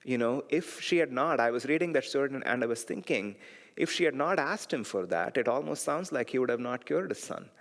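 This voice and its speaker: A man teaching a class, telling stories in a reflective, digressive way and laughing softly now and then. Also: medium pitch, animated, a little fast, vocal fry, big-room sound. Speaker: meditation teacher. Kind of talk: storytelling class lecture.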